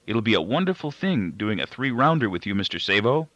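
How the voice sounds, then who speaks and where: An eager, polite blind boy, as a male narrator puts him on. The line delivery swings widely in pitch. The recording sounds muffled and dry. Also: sing-song, a little fast, a bit bright, dry recording.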